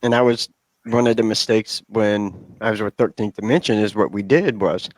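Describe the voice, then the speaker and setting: A man's voice: on the low side, moderate pace, dry recording, low-quality recording. Laid-back joking man, dry sound. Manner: laid-back, joking, says dude a lot. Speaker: podcast guest. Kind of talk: casual chat.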